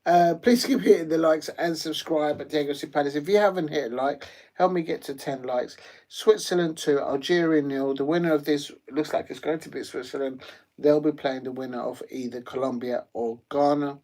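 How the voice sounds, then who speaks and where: A man's voice: a little high, normal speed, a little mellow. A man hosting a live football watch-along, chatty and rambling, with lots of ums and uhs. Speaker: live stream host.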